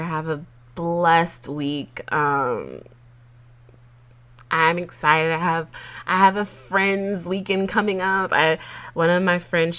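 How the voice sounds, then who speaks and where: A young woman hosts her own podcast with an unhurried, deliberate pace. Her voice sits a little low yet has a bright, forward edge. She talks to listeners casually, calling them "y'all". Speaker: podcast host. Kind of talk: motivational spoken word and casual podcast chat.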